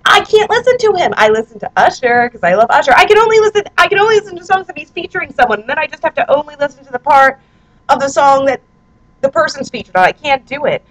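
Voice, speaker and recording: A woman's voice: high-pitched, lively intonation, fast, poor audio. A woman in her twenties, a vlogger chatting casually and self-mockingly at home, reading out her own posts into a handheld recorder. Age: 20s. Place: her apartment, indoors.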